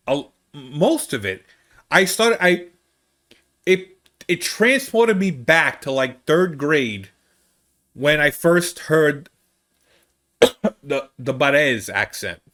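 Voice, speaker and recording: A man, a comedian, telling a rambling travel story in an animated, casual way. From United States. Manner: animated, rambling, with big swings in pitch. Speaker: comedian host.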